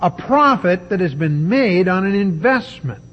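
Man, sermon, husky voice, slow and deliberate, emphatic preaching. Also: high voice, animated, muffled recording.

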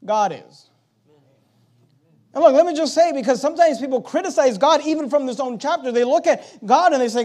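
A middle-aged man, a pastor preaching a sermon, swinging between soft confiding talk and loud emphatic lines. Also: very high voice, lively intonation, brisk.

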